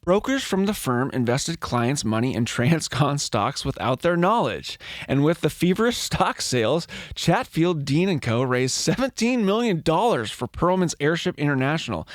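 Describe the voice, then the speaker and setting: A man hosts a loose comedy podcast, working through his research notes and breaking off for playful jokes. His voice sits a little high for a man, and the sound is dry and close to the mic. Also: big pitch swings, normal speed, no room sound. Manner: reads research notes aloud, playful asides. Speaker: podcast host. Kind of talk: casual comedic podcast chat.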